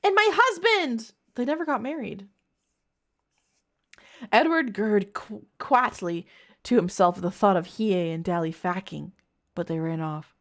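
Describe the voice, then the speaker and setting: A woman's voice: medium pitch, unhurried, pauses often. A young woman streamer reading bad fanfiction aloud in a casual, mocking way, laughing often and swearing freely.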